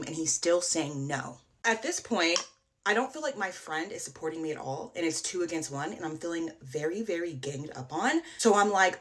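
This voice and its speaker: Woman, casual storytime, animated, rambling, lots of likes. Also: fairly low pitch, normal speed.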